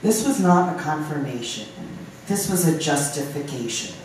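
A poet from Ohio reading poems aloud at a live open mic, with halting, filler-laden chat between poems. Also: medium pitch, expressive, a little mellow, slight background noise. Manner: reads poems, chats with fillers between them. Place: live venue room. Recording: very echoey room from a distance.

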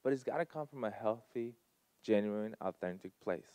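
A man's voice: lowish voice, moderate pace, clear, resonant tone, no room sound. A man speaking earnestly to a live audience, telling personal stories in a heartfelt, emphatic way. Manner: earnest, storytelling, emphatic swings in loudness. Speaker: speaker at a community gathering.

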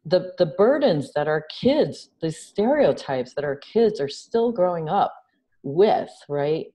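A woman from New York City speaking as an interview guest, animated and conversational, often checking in with "right?". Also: fairly low pitch, slow. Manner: animated, acts out quoted dialogue, frequent "right?". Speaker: interview guest, nonprofit founder.

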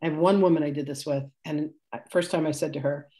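A woman in her sixties with a low, mellow voice teaches a live spiritual class. She talks in a chatty, rambling way, laughing often and correcting herself as she tells stories. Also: fairly even intonation, fast talker. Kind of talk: live class demonstration, casual storytelling.

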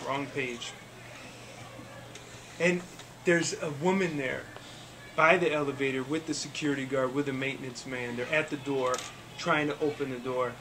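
A man's voice: mid-range voice, steady tone, pushed and bright. Patient man running a kids' game. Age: adult. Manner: patient, halting narration with restarts. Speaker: game master. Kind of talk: running a tabletop game for kids. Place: school club room. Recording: noisy room recording.

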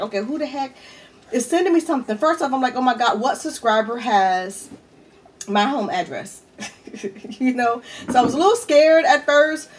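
A woman vlogger talks casually to her viewers while eating a meal at home, addressing them over and over as "y'all". Her pitch sits in an ordinary middle range. A faint hiss of noise runs under her voice. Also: poor audio. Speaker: mukbang vlogger.

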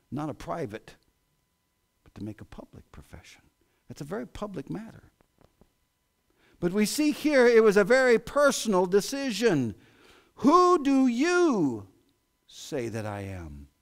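Animated American preacher, lively pitch. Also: male voice, moderate pace, vocal fry. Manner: animated preaching, voice swinging from loud exclamations to hushed asides. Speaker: pastor. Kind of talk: sermon. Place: church sanctuary.

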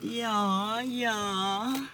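A woman's voice: medium pitch, fairly even intonation, extremely slow, pushed and bright. A woman, the vlogger's mother, chatting casually in a car and fondly scolding the dog. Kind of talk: casual chat. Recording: car noise in the background.

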